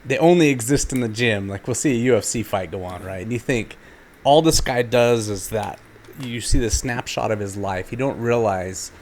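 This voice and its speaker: A man's voice: medium pitch, moderate pace, a little mellow, slight background noise. A man hosting a podcast, chatting in a reflective and encouraging way. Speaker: podcast host. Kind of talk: casual chat.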